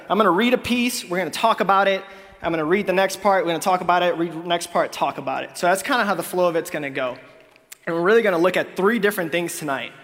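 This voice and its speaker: A man's voice: on the high side, a bit bright. A man from Honduras giving a casual sermon as pastor, reading scripture and talking it over with many "like"s and "right?"s. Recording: long hall reverb.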